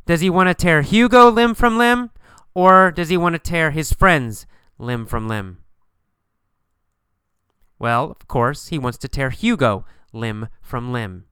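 Slow, bright-voiced man teaching by questions. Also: a little high, clear, resonant tone, dry recording, clean studio sound. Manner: asks and answers his own questions, repetitive, emphatic. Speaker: English teacher. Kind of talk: question-and-answer story lesson.

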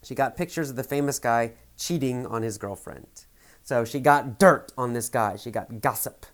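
A man's voice: medium pitch, normal speed, fairly bright tone. A man teaching English, retelling a film scene and restating each idea in simpler words, with hesitant fillers. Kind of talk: explaining a film scene to learners.

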